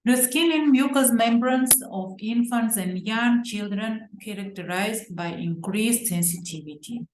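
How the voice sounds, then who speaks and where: Slow, careful woman lecturing in an echoey room. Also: on the high side, a little mellow. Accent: Uzbek. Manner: careful, deliberate reading with hesitant fillers and self-corrections. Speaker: medical lecturer. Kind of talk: slide lecture on pediatrics. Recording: roomy echo.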